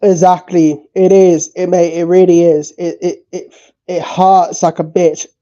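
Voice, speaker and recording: A tearful man streaming, speaking haltingly with repeated words and swearing. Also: high voice, flat delivery, mellow, dull audio. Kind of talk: emotional livestream talk.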